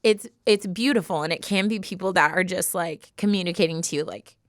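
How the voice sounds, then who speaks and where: A woman's voice: on the low side, fairly quick, no room sound, studio quality. A young woman co-hosting a podcast, chatting casually and laughing often, with lots of fillers. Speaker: podcast co-host. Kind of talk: casual chat.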